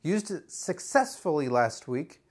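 A man's voice: on the high side, sing-song, a little slow, darkish tone. Frustrated man rambling as a podcast host. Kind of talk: casual solo monologue.

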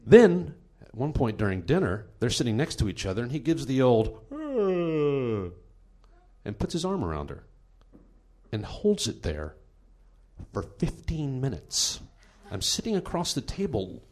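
A man hosting a comedy podcast, telling a true story in an animated, laughing way. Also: medium pitch, moderate pace, slightly rough.

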